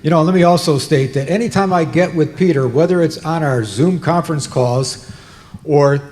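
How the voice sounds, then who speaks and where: A man's voice: on the high side, normal speed, darkish tone. A man on a town hall panel, talking in a chatty, hesitant and joking way. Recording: echoey hall.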